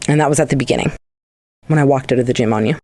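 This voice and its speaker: A woman's voice: extremely low pitch, racing, dark tone, no room sound. A young adult woman, co-hosting a casual podcast chat, rambling through stories and swearing freely. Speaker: podcast co-host.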